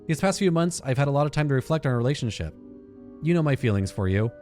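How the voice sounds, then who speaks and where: A man hosting a game playthrough, reading in-game letters aloud with fillers and self-corrections. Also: darkish tone. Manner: reads aloud with frequent fillers and restarts, drops into a low aside. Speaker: gaming channel host.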